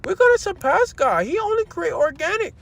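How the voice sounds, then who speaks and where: A man's voice: big pitch swings, gravelly, full character voice. A man mimicking a boastful arrogant man. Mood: mocking. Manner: mocking, high-pitched, rushed. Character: boastful arrogant man claiming to surpass God.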